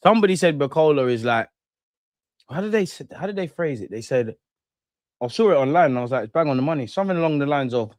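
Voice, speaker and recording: Slangy lad ranting at chat. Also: male voice, fairly high pitch, animated, fast, darkish tone, dry recording. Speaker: football watch-along streamer. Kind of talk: live casual commentary and chat.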